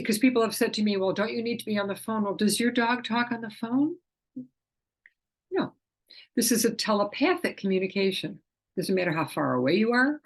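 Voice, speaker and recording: Chatty middle-aged woman, lowish voice. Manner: chatty, acts out quoted dialogue in lively voices. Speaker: animal communicator and teacher. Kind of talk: casual explanation to camera.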